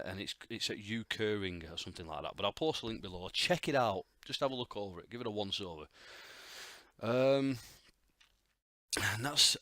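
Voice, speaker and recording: A man's voice: on the low side, sharp tone, no echo. A middle-aged man with a Northern English accent, hosting a solo podcast in a rambling, opinionated way, full of fillers and restarts. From North of England. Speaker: podcast host. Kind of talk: casual solo podcast monologue. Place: quiet home room.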